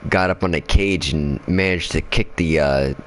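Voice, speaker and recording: Gaming host, male, rumbling deep voice, loose profane storyteller who rambles with fillers. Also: normal speed. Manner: swears constantly, rambling with fillers. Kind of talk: casual storytelling while playing a game.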